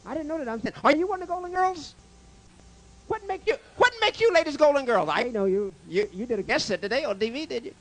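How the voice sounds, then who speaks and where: A man's voice: very high-pitched, lively intonation, fast, a bit bright, a little hiss or hum. A man doing stand-up comedy on a club stage, firing brash one-liners and teasing the live audience. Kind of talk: stand-up comedy with crowd work.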